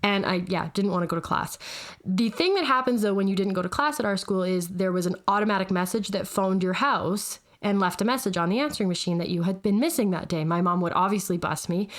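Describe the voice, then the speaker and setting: A woman's voice: medium pitch, fast talker. A woman in her thirties, co-hosting a podcast, telling a funny story in casual chat and laughing as she goes. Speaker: podcast co-host.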